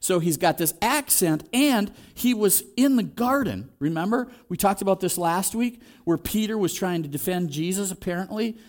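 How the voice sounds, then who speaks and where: A man's voice: high-pitched, animated, normal speed, hardly any pauses. A man preaching a sermon in a conversational way, acting out the quoted voices as he goes. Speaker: pastor.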